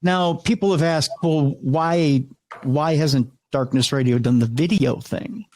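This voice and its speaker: A middle-aged radio host with a slightly high voice tells stories in a casual interview, speaking a little slowly. He's animated, restarts often, and acts out the people he quotes. There's no room sound, but the audio is poor.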